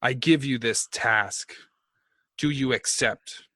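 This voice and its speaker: A man voicing a menacing dark god who whispers solemn commands to a cultist, speaking slowly and gravely. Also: medium pitch, no echo. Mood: solemn, commanding.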